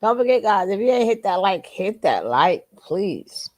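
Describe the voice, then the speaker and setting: A woman's voice: medium pitch, big pitch swings, measured pace, darkish tone. A woman giving reaction commentary, emphatic and blunt, repeating her phrases again and again. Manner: blunt, curses then apologizes.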